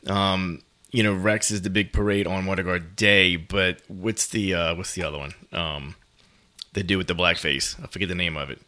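A podcast host from New with the local tells a story in casual chat. His voice sits fairly low, and he talks with animation and laughs often. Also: fairly even intonation, moderate pace, bright, forceful tone. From New Orleans.

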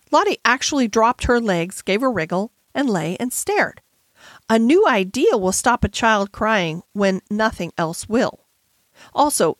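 A woman narrating a classic children's novel as an audiobook in a measured, gentle storytelling manner. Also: fairly high pitch, no echo. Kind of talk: scripted narration.

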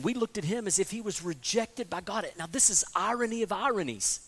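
A man's voice: high-pitched, lively intonation, moderate pace, a bit bright. A man preaching an expository sermon, earnest, often repeating words as he restarts and rising to emphatic peaks. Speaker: pastor.

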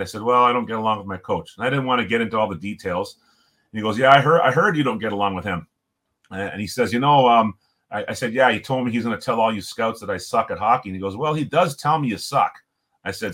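A man's voice: lowish voice, fast, a bit bright, husky. A middle-aged man casually telling a story about his college hockey days, often repeating words and restarting sentences.

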